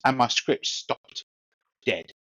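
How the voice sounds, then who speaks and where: A man's voice: takes it slowly, sharp tone, no echo, low-quality recording. A man with a London accent, a podcast co-host telling a rambling, cheeky anecdote with lots of restarts and laughs. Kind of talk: casual storytelling chat.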